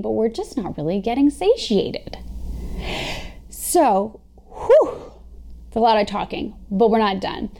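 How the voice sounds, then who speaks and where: A woman's voice: medium pitch, warm tone. A young adult woman health coach explaining a topic on her solo podcast in a casual, upbeat way, talking straight to her listeners and swearing now and then. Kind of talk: solo podcast teaching talk.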